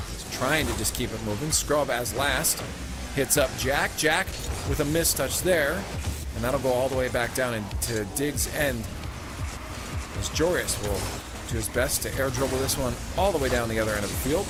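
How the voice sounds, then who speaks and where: Man casting play-by-play over loud music. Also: mid-range voice, normal speed. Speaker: play-by-play caster. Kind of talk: play-by-play commentary.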